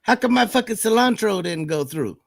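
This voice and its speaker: A man's voice: high-pitched, expressive, a little fast, creaky, dry recording, studio quality. A man with a Southern drawl, raised in Alabama, chatting bluntly and crudely on a stream. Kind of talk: casual chat.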